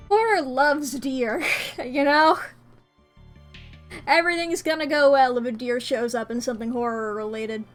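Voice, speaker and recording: A woman with an American accent chatting playfully to viewers during a live-streamed game. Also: high-pitched. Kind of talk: casual live-stream chat while gaming. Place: home room by a window.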